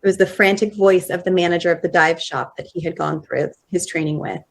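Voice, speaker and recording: A woman in her thirties giving a personal storytelling talk at a conference, slow and measured, acting out quoted dialogue. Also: lowish voice, fairly even intonation, gravelly. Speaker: conference speaker. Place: conference hall.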